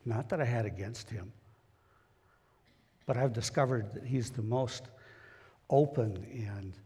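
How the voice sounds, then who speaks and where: A man's voice: lowish voice, dark tone, husky, in a large hall. A man giving a conversational sermon in a church, folksy and plain-spoken as he talks straight to the congregation. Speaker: preacher. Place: church sanctuary.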